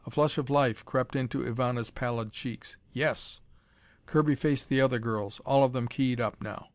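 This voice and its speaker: A man narrating an adventure audiobook in a measured, even storytelling manner on a close mic. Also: medium pitch, no room sound. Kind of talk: scripted narration.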